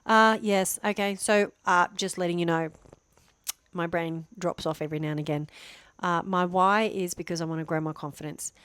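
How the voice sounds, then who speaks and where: A woman's voice: fairly low pitch, fairly even intonation, moderate pace, a bit bright, clear, resonant tone, no room sound. A middle-aged woman and former teacher, talking about herself to camera at home in a chatty, rambling, self-deprecating way. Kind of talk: casual talking-head vlog. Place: home near a main road. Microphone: microphone on a stand facing her, camera turned away.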